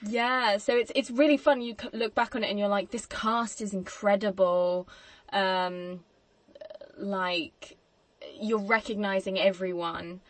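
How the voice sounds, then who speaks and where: A woman's voice: medium pitch, fairly even intonation, unhurried. A woman hosting a podcast, chatting casually about a film, laughing often and acting out quoted lines. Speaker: podcast host.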